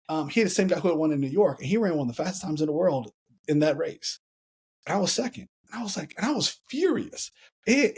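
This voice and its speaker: A man in his thirties from the United States, a podcast guest telling a story in an animated way, often repeating and restarting his phrases. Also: mid-range voice. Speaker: podcast guest, former Olympic hurdler. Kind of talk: storytelling in a conversational interview.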